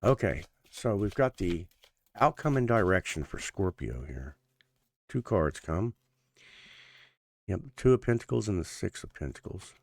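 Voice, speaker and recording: A man with a very low voice talks through a tarot reading in a loose, earnest ramble, full of fillers and restarts. His speech comes out a bit thick because his gums are sore, and the sound is close and dry with no room around it. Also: lively intonation, a little slow, long pauses, no echo. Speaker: tarot reader.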